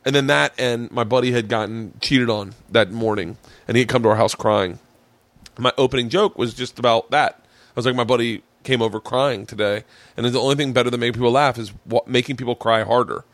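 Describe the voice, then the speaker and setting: A man hosting a podcast, a comedian telling stories in casual chat with animated quoted voices. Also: mid-range voice, brisk, no room sound.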